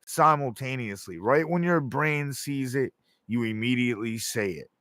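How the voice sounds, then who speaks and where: A man's voice: medium pitch, expressive, normal speed, no echo. A man delivering a rambling, profane monologue, often acting out quoted voices. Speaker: show host.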